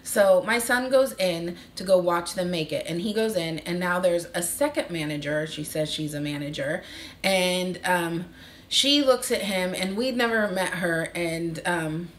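Animated woman in her thirties, casual storytime vlog, slightly low voice, faint room noise. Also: a little slow. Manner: animated, acts out quoted voices. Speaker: vlogger.

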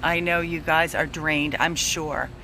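A woman's voice: sits low, steady tone, a little slow, bright, forceful tone, slight background noise. A woman who heads an animal rescue, making an urgent, emotionally drained donation appeal and pleading over and over. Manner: pleading, repeats herself, begging.

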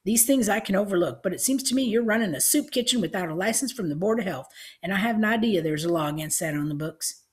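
A woman reading an audiobook, voicing a blustering, pudgy male small-town sheriff who bawls and booms with indignation. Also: expressive, fast, natural voice. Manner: bawling, booming, indignant.

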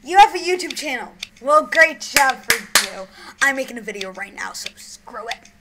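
A young woman talks through a hide-and-seek game in a slightly high voice, jumping from giddy shrieks to quiet mumbles. The home recording carries steady background noise and clicks. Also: moderate pace. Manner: excitable, shrieks and giggles, drops to mumbled whispers. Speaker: gaming YouTuber. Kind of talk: gameplay commentary.

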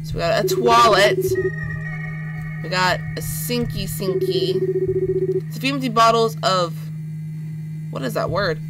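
A woman playing a horror game and commenting in a goofy, playful way, with baby-talk words, who gets excitable and jumpy when scared. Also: medium pitch, measured pace, long pauses, low-quality recording. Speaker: gaming YouTuber. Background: loud eerie game music.

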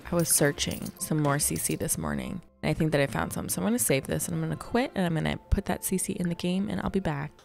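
A woman's voice: deep voice, expressive, fast talker, gravelly, few pauses, a little mellow, faint music behind. Chatty young woman with lilt. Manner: chatty, thinking aloud with playful asides. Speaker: Sims building creator. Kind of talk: casual gameplay commentary.

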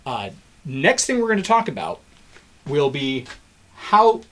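A man with a somewhat high voice speaks a little slowly in a recorded biology lecture, walking his students through the material step by step and encouraging them. He's animated, acting out a crowd doing the wave and voicing cheering fans in his examples.

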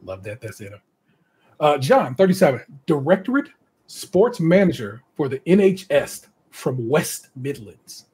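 Raspy-voiced American man hosting a podcast. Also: a little high, a little slow. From United States. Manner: chatty and animated, laughs often, many asides. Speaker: podcast host. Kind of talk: casual chat, reading contestant bios aloud.

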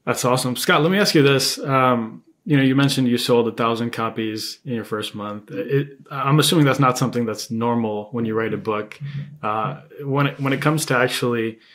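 A man hosting a podcast, asking relaxed, hesitant questions full of fillers. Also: medium pitch, moderate pace. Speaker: podcast host. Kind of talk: casual interview questions.

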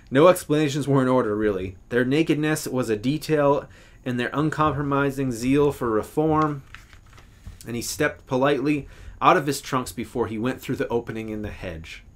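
An English professor with a medium-pitched voice reads a literary short story aloud, measured and expressive, correcting himself now and then.

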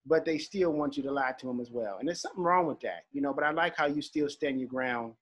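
A man's voice: mid-range voice, quick pace. A male podcast host who asks earnest, hesitant questions with many ums. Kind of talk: interview questions and praise.

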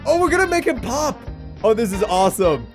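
A man hosting a gaming video chats through his play in a lively, bouncing voice that keeps swooping up and down. He is easily amused and quick to exclaim in surprise. Faint game music sits softly behind him. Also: high voice. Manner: excitable, laughs often, exclaims in surprise. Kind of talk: casual let's-play commentary.

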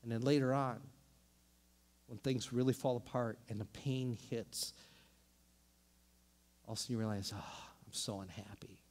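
A man preaching a sermon as pastor, animated and often restarting his sentences. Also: medium pitch, normal speed, long pauses, long reverb tail. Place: church sanctuary.

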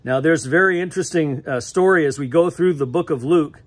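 A husky, fairly high-pitched man with an American accent delivers a church sermon. He preaches in a loose, conversational way and chuckles often between phrases. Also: brisk. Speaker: pastor. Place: church sanctuary.

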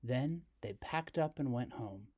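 A man reading a children's picture book aloud as storyteller, slow and expressive. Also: mid-range voice.

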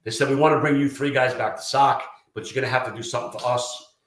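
A man telling profane, animated stories from his firefighting career in a casual interview. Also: medium pitch, quick pace. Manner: profane, animated anecdotes with quoted dialogue. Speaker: retired fire lieutenant guest. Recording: roomy echo.

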